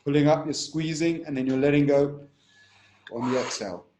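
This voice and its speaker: A man's voice: on the high side, brisk, a little mellow. A man teaching a breathwork technique in a conversation, explaining steps and demonstrating chanted tones. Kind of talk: instructional conversation. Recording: roomy echo.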